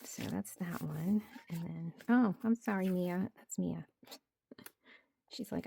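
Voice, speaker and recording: A woman's voice: fairly low pitch, slow, creaky, dark tone, slight background noise. A woman narrating her journaling in a casual, chatty way, thinking aloud as she works at her home craft desk and sometimes dropping to a near-whisper. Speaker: journaling creator.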